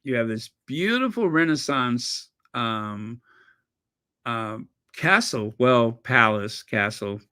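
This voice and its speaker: An American man with an African American accent, chatting casually and rambling excitedly while pausing to recall details. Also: medium pitch, clear, resonant tone. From United States. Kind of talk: casual chat.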